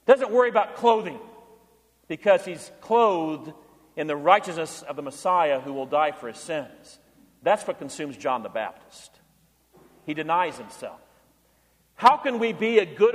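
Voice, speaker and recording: A man's voice: on the high side, animated, normal speed, in a large hall. A man preaching a sermon as pastor, earnest, now and then acting out the voices of people he quotes.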